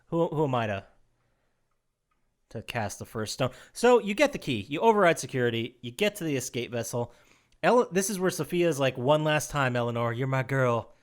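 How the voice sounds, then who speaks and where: A man co-hosting a podcast, retelling a video game story in casual chat, animated and quick to laugh, with restarts. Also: fairly high pitch. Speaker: podcast co-host.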